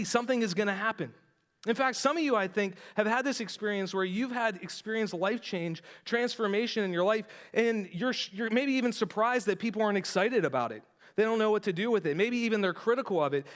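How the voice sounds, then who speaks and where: A male pastor giving a conversational sermon, retelling a story with lively asides and direct questions to the congregation. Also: high-pitched. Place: church sanctuary.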